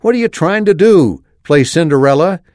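A man's voice: a little high, lively intonation, normal speed, darkish tone, no echo, clean studio sound, pitched above the performer's own voice, lightly acted. A man reading aloud, voicing a mocking, grumbling teenage brother with a hidden kind streak. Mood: teasing. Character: teasing gruff teen older brother, secretly kind.

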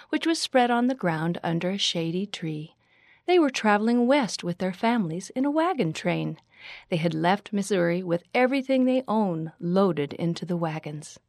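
A woman reading a children's story aloud in a clear, measured, expressive way. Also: lowish voice, no echo, studio quality. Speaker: story reader.

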